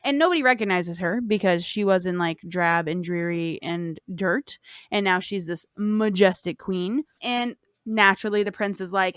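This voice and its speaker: A woman's voice: medium pitch, moderate pace, fairly bright tone, clear, resonant tone, no echo, clean studio sound. A woman hosting a podcast, retelling a fairy tale in a casual, profane, rambling way. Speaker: podcast host. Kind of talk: casual storytelling.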